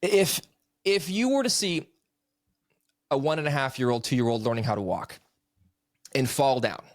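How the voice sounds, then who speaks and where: A man's voice: a little high, sing-song, normal speed, no echo, studio quality. A man in his thirties, a podcast guest and author, earnestly telling a personal story in casual conversation. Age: 30s.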